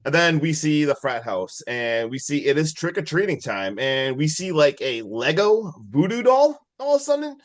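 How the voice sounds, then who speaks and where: A man co-hosting a podcast, excitedly retelling a horror movie plot in casual chat, full of fillers and swearing. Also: on the high side, moderate pace, few pauses. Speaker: podcast co-host.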